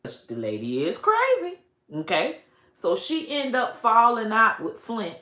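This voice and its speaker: A woman comedian tells a raunchy, profane story at a slow, unhurried pace, laughing between her lines. Her voice is bright and forceful, and it rings off the walls of an echoey room. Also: fairly high pitch, huge pitch swings.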